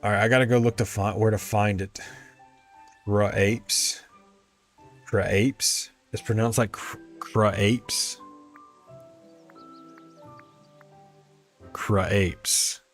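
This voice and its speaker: A man's voice: lowish voice, fairly even intonation, quick pace, hardly any pauses, faint music behind. A man streaming a life-sim game in casual commentary, thinking aloud and tripping over words as he tries pronunciations. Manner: rambling, muses aloud and stumbles over words. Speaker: let's play streamer.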